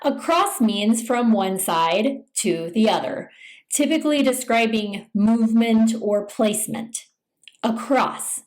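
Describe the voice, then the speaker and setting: Woman, pronunciation coach reading a scripted lesson, unhurried and clearly enunciated, a bit high-pitched. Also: lively intonation, darkish tone, low-quality recording. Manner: slow, deliberate, careful enunciation. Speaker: English pronunciation teacher.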